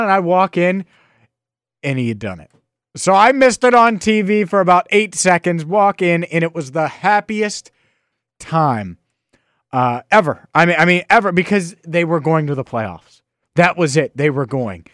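Animated podcast host, dry close mic. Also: male voice, a little high, normal speed, no room sound. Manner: animated, nostalgic storytelling with rambling restarts. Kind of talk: casual solo sports podcast.

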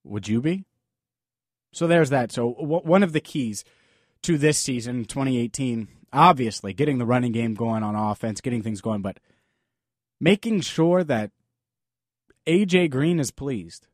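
A man's voice: medium pitch, expressive, unhurried, pauses often, no room sound, clean studio sound. A man hosting a sports talk podcast, delivering an emphatic, opinionated monologue full of rhetorical questions. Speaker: podcast host.

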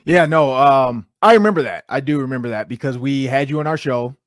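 A man's voice: mid-range voice, a little fast, no echo, clean studio sound. A man hosting an interview podcast, asking questions in a loose, friendly way. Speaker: podcast host. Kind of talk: casual interview talk.

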